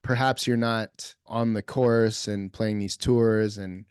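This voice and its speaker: A male podcast host with a low voice poses his questions thoughtfully, pausing to find the right words. The recording is dry, with no room echo around him. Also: steady tone, a little mellow, clean tone. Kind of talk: conversational interview questions.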